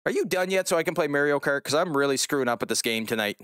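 Casting: male game streamer, slightly higher voice, loose joking banter, casual cursing. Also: lively intonation, fast, fairly bright tone, clean tone, dry recording, clean studio sound. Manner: joking, swears casually, chats with viewers. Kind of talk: casual live-stream chat while gaming.

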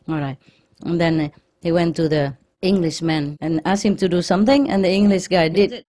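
Woman, lower voice, casual joke-telling, chatty, laughs a lot. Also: dark tone, slight background noise. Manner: chatty, laughs often, quick back-and-forth. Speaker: lecturer leading a group gathering.

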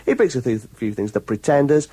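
A man's voice: medium pitch, very animated, a little fast, mellow, breathy edge, dry recording. A man on a radio show, reading out reviews with gleeful mockery and frequent chuckles. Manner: gleeful, mocking, chuckles often. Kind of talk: chatty radio talk, reading reviews aloud. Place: radio studio.

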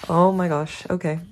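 Young woman, casual unboxing chat, gushing, giggly, lowish voice, light background noise. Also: darkish tone. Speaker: unboxing vlogger.

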